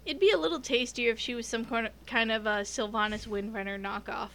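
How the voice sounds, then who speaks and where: A woman's voice: a little high, a little fast, vocal fry, bright, forceful tone. A woman chatting casually about fantasy games with eager, talkative energy. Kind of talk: casual chat.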